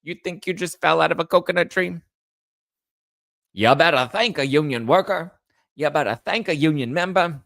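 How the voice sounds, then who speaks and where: A man's voice: a little high, moderate pace, vocal fry, a bit bright, no echo, clean studio sound, pitched above the performer's own voice. A man putting on an exaggerated, sing-song impression of a female politician. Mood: mocking.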